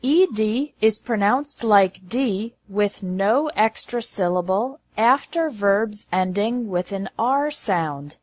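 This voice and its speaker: A woman teaching pronunciation at a very slow, deliberate pace, spacing out every word. Her voice is mid-pitched and sits close to the mic in a dry room with no echo. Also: animated. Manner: slow, carefully enunciated word lists. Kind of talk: slow scripted lesson narration.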